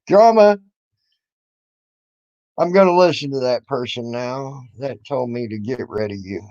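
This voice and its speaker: A medium-pitched, slightly mellow male voice, normal speed, no room sound. On YouTube, this commentator lays into other people with a mocking, confrontational, swear-filled rant, recorded in dull lo-fi.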